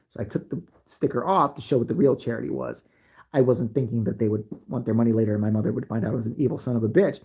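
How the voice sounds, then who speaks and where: A man's voice: mid-range voice, very fast, mellow, husky. A man casually telling stories from his childhood, swearing often and laughing. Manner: profane, laughing, loose. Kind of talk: casual storytelling.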